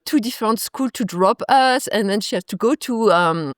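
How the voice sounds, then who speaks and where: A woman's voice: medium pitch, animated, moderate pace, no room sound, clean studio sound. A woman in her forties, a yoga teacher and guest, telling stories in a reflective way with many restarts. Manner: reflective, retells stories with acted quotes, frequent restarts. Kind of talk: conversational interview.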